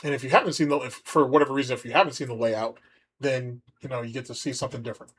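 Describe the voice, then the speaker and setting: A man's voice: medium pitch, fairly even intonation, very fast, slightly rough. A man hosting a livestream, rambling and mocking as he comments on a video. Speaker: streamer host.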